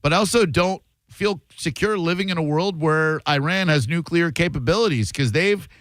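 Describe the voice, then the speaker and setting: Radio host guy chatting casually, slightly high voice, dry close studio mic. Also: normal speed, a bit bright, no echo. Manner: casual and conversational, thinks aloud. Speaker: radio talk show host. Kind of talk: call-in radio talk. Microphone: studio microphone.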